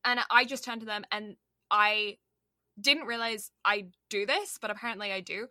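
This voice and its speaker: In casual podcast chat, this young Canadian co-host rambles on with plenty of "like" and "um." She speaks at normal speed in a mid-range voice that's bright and forceful. The recording is dry, with clean studio sound.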